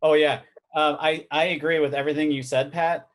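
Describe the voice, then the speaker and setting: A man's voice: a little high, level tone, brisk. A man hosting a casual podcast chat, telling rambling stories with jokes. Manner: rambling, joking storyteller. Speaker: podcast host and editor.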